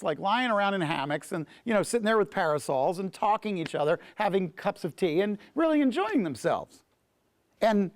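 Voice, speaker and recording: A man who is a pastor and Bible teacher, telling a story in a class in an animated way, often repeating words. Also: high voice, no room sound, studio quality.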